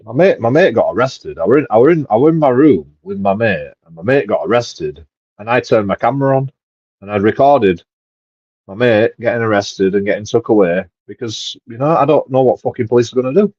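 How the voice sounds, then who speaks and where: Husky man ranting. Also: mid-range voice, lively intonation, brisk, a little mellow, no room sound. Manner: swears heavily, rambling, with restarts and laughs. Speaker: vlogger. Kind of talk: casual ranting monologue. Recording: dull lo-fi dry sound.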